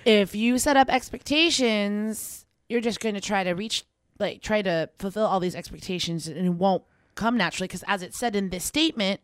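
A woman's voice: mid-range voice, dry recording, clean studio sound. Young woman co-hosting campus radio. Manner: conversational, reflective, quick asides. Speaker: co-host of a college radio talk show. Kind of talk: casual advice chat.

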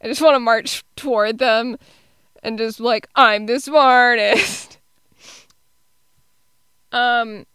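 A woman co-hosting a film podcast in an easy, unhurried way, often stopping on small ums. Her voice is bright and very crisp. The sound is dry and close, with no room around it. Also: on the high side, no echo. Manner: relaxed, hesitant with many ums. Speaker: podcast co-host. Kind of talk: casual film review chat.

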